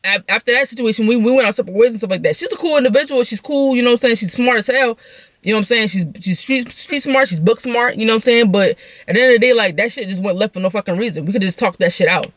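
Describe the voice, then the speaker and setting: A young woman venting through a story, talking in a profane, animated way. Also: on the high side, very fast, dry recording. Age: young adult. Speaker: vlogger.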